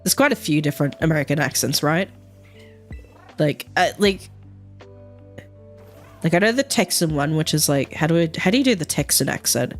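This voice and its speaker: Giggly woman with a lively voice. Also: deep voice, normal speed, long pauses, soft background music. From Australia. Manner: rambling, giggly, swears casually, many fillers. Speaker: streamer. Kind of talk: casual livestream chat.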